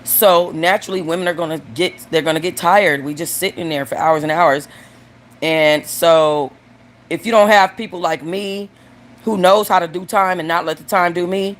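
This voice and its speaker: A woman's voice: lowish voice, normal speed. A woman hosts her own channel and tells stories and jokes in a casual way. She is crude and blunt, and she speaks straight to her viewers. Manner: crude, joking and blunt, addresses the audience directly. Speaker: host. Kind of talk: casual storytelling and joke telling.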